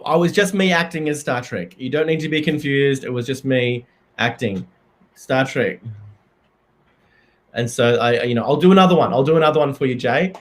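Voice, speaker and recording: A man hosting a comedy live stream, talking in a halting, deadpan way with many fillers. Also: medium pitch.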